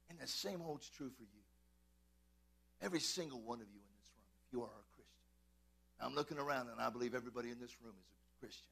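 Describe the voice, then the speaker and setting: A male pastor preaching fervently in a church, swinging from shouts to quiet asides and calling out to his congregation. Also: mid-range voice, quick pace, creaky, pauses often, slightly rough. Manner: addresses congregation, calls and repeats. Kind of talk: preaching a sermon.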